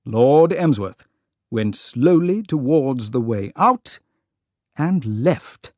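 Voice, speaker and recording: Narrator for learners, slow careful pace, lively pitch, lots of expression. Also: no room sound, studio quality. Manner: slow, clear and expressive reading. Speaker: audiobook narrator. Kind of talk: scripted narration for English learners.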